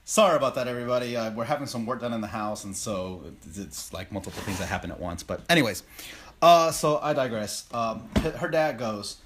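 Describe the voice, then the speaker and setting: A man's voice: mid-range voice, a little fast, fairly bright tone, slight background noise. Profane, rambling young man telling stories. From United States. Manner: profane, rambling and self-mocking. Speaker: podcast host. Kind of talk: casual storytelling monologue.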